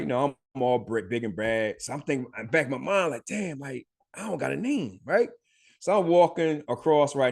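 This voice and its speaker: A middle-aged man hosting a podcast, telling his life story in a loose, profane way, with frequent laughs and many fillers. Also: mid-range voice. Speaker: podcast host. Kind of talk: casual storytelling.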